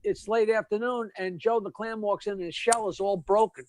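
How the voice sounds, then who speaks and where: A man, a comedian guest, telling jokes in quick, punchy casual chat. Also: high-pitched, steady tone. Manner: rapid, punchy storyteller, laughs at his own punchlines.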